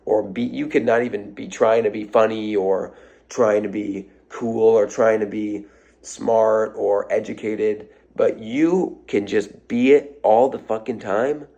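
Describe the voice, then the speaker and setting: Gravelly man in a profane vlog rant. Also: on the low side, warm tone, highs cut off. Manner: blunt, profane, repeats phrases for emphasis. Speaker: social media creator. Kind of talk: off-the-cuff motivational vlog rant.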